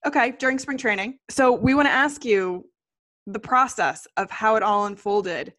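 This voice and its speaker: A woman's voice: on the high side, moderate pace, fairly bright tone, dry recording. A woman hosting an interview, asking friendly, upbeat questions and laughing easily. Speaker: interview host.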